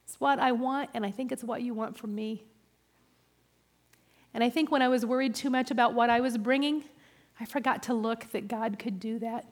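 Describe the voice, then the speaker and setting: A woman's voice: a little high, normal speed. Woman pastor preaching in a reverberant hall. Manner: personal and animated, with self-deprecating humor. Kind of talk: sermon.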